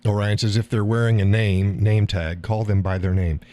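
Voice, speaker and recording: A man's voice: on the low side, flat delivery, moderate pace, mellow. A middle-aged man hosting a live stream, talking bluntly with profanity and frequent laughter. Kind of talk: casual monologue. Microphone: audio call or stream mic.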